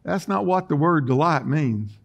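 Man, pastor, sermon, high-pitched, folksy, emphatic, church sanctuary. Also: expressive, moderate pace, gravelly. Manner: folksy, emphatic preaching with wide swings in loudness.

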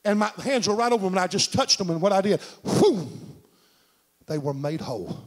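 A middle-aged man preaching a sermon in a church, telling a story and swinging from shouts to hushed tones. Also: sits high, animated, fast. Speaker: senior pastor. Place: church sanctuary.

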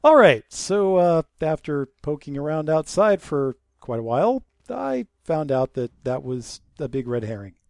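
Young male let's-play voice, sarcastic and lively, slightly high, dry close mic. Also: a little slow, gravelly, few pauses, no echo. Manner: joking, sarcastic, drops to a mutter while sneaking. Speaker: gameplay commentator. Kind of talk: casual let's-play commentary.

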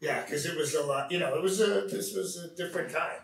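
A man from the US East Coast, a comedian guest on a podcast, telling stories in an animated way. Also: fairly high pitch, brisk, creaky. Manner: animated storyteller. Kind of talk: casual comedy chat. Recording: roomy, distant mic.

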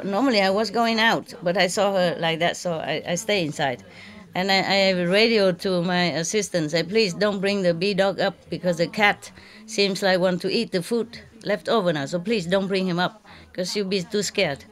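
A woman's voice: medium pitch, fairly bright tone. A woman spiritual teacher telling a lighthearted anecdote in an informal lecture, joking and playfully imitating a cat's meow. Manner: playful, joking storyteller who imitates cat meows. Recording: live audience laughter behind.

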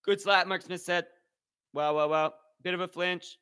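A young man hosting a live watch party, commentating on slap fights with excitable, profane banter and shoutouts to his chat. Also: high voice, normal speed, smooth. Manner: excitable, swears a lot, talks to chat. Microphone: headphones with mic.

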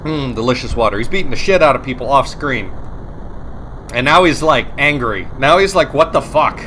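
A man's voice: mid-range voice, animated, normal speed, pushed and bright, slight background noise. A man casually commentating a video game, rambling, joking and swearing as he plays. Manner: rambling, profane, jokey, self-mocking. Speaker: let's play commentator. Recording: game music playing behind. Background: game music.

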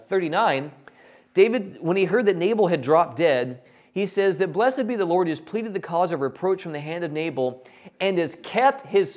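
A man preaching a sermon, animated and jokey, acting out characters in quick quotes. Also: fairly high pitch. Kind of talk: sermon with acted Bible quotes.

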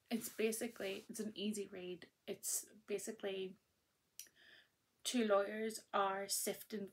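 A woman hosting her own podcast, chatting casually and enthusiastically about the books she has been reading, with lots of ums and restarts along the way. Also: medium pitch. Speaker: podcast host.

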